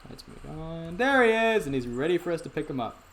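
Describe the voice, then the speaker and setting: A man's voice: on the high side, quick pace, a little mellow, a little hiss or hum. A young man hosting a gaming channel, giving rambling casual commentary to viewers as he plays. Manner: rambling, talks to viewers, frequent restarts.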